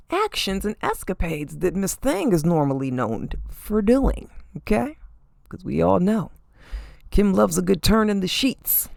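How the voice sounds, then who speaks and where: A woman hosting a podcast, giving sassy, animated celebrity gossip commentary and often tossing in "okay?" asides. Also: medium pitch, gravelly, dry recording, clean studio sound. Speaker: podcast host.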